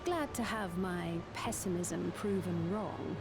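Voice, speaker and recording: A woman's voice: fairly low pitch, takes it slowly, music in the background. An actress playing a wry, pessimistic female companion in a video game, dry in delivery.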